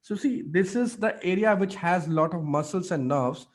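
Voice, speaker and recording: Energetic coach, higher voice. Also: male voice, moderate pace. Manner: energetic, demonstrative, frequent fillers. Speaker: public speaking coach. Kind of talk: online mentorship session.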